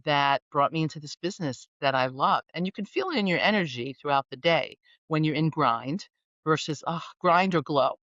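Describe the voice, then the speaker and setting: A woman coach talks with animated, playful energy and a love of wordplay. Her voice comes through muffled and a little dull. The room sounds dry, with no echo. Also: sits low, moderate pace. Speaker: guest executive coach. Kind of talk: conversational podcast interview.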